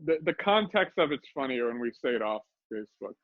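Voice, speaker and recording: A man's voice: medium pitch, big pitch swings, fairly quick, narrow, tinny audio. A man co-hosting a casual livestream, dropping dry, offhand remarks. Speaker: co-host.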